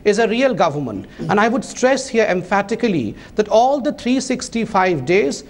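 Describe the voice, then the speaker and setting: A man's voice: high voice, very animated, moderate pace. A man, a party spokesman arguing his side emphatically in a TV debate. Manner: emphatic, defensive. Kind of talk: political debate.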